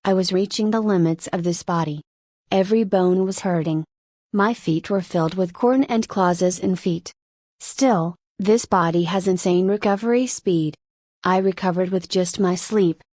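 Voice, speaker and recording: Steady woman reading a web novel. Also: fairly low pitch, unhurried, no echo, clean studio sound. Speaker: audiobook narrator. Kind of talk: first-person novel narration.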